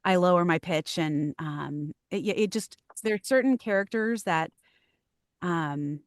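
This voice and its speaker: A woman voice actress, a podcast guest, answering in a thoughtful, hesitant way with many pauses and ums. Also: lowish voice, dry recording, studio quality. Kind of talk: podcast interview.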